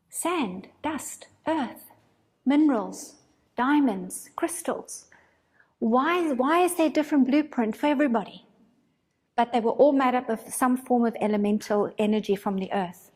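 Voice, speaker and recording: A woman teaching a spiritual course, telling a story in a casual, animated way and acting out her own thoughts. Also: a little high, breathy edge, big-room sound.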